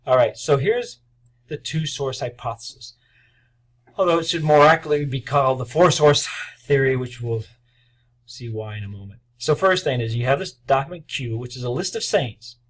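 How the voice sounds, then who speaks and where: A man's voice: mid-range voice, moderate pace. A man giving a conversational seminary lecture in a classroom, animating quotes and using frequent fillers. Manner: conversational, acts out quoted voices, many fillers.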